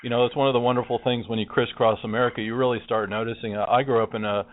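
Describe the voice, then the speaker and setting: A man's voice: mid-range voice, little pitch movement, rapid-fire, dry recording. Middle-aged man on a dry phone line. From Tennessee. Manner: friendly, rambling, with fillers. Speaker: co-host. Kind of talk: casual phone interview.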